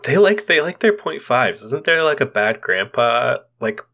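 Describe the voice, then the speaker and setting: A man's voice: medium pitch, big pitch swings, unhurried, creaky, sharp tone. A Canadian man co-hosting a podcast, playful and giggly as he trades jokes. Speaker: podcast co-host. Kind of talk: casual podcast banter.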